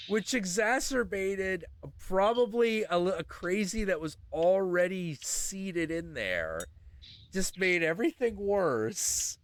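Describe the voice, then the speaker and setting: A man's voice: high-pitched, slow. A man hosting a show, telling a story in casual chat, swearing and acting out the people in it. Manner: animated, profane, acts out voices in his stories. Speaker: podcast host.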